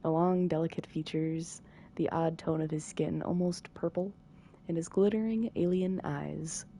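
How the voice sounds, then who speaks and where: Low, gravelly-voiced woman narrator. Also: fairly even intonation, measured pace, warm tone, slight background noise. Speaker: narrator reading a visual novel. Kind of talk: soft bedtime narration.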